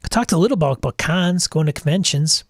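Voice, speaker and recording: A man's voice: on the high side, animated, fast talker, no room sound. Middle-aged male host, casual and blunt, exasperated rants, dry close sound. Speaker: podcast host. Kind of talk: casual livestream talk.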